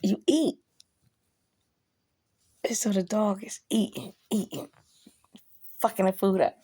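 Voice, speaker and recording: A woman's voice: medium pitch, fairly even intonation, slow pace, dark tone, breathy edge, dry recording. A woman casually telling a personal story to camera, blunt and profane, with emphatic outbursts.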